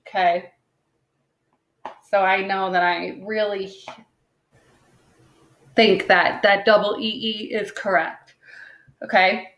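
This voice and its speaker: A second grade teacher leads young children through a phonics lesson, patiently sounding words out slowly, tapping syllables, and asking "okay?" after each point. Her mid-range voice is fairly bright, though the audio is dull and has a roomy echo.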